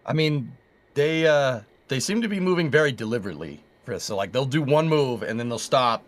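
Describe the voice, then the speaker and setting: A man co-hosting a livestream, talking in a relaxed, rambling way as he explains what happened. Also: mid-range voice, a little fast. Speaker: livestream co-host. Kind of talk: casual livestream chat.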